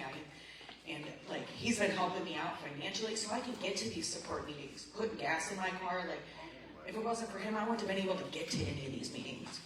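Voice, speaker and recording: A woman's voice: fairly low pitch, fast. A woman sharing her recovery story at a support meeting, emotional and rambling with lots of "like" and "man". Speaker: recovery group member. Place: meeting room. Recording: very echoey room, voice far from the mic, background noise.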